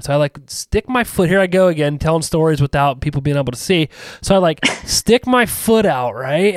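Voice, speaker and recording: A man's voice: a little high, brisk, no echo, clean studio sound. A man telling a long rambling anecdote in casual podcast chat, full of asides and restarts. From rural US.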